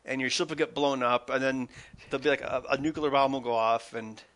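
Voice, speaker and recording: Bright-voiced man in animated chat. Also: mid-range voice. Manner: animated, halting, restarts often. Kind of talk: casual chat about video games.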